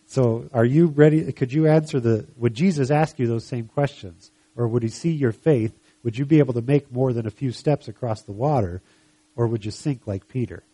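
A man's voice: medium pitch, mellow, breathy edge, no room sound. A man preaching a sermon, reading scripture passages aloud and then asking the listeners searching questions. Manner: reads scripture aloud with rising emphasis, then asks reflective questions.

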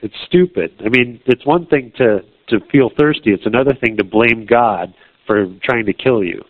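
A man's voice: mid-range voice, normal speed. Man preaching over tinny phone-like sound. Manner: plain conversational preaching with blunt rhetorical questions. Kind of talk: sermon.

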